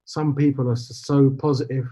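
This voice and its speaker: A middle-aged man, a podcast guest, telling stories in an animated, chatty way. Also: medium pitch, normal speed. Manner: storytelling, animated. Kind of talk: casual interview chat. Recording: dull lo-fi sound.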